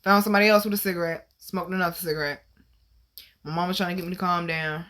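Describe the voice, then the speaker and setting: Animated, bright-voiced woman storyteller. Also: on the low side, fast talker. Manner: animated, profane, swings to loud exclaims. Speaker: host. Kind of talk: casual storytelling monologue.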